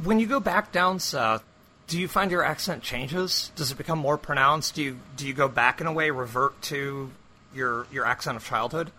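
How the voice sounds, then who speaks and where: A man from upstate New York interviewing a guest in a relaxed, curious way, asking probing follow-up questions. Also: medium pitch, normal speed, slight background noise, low-quality recording. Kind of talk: casual conversational interview.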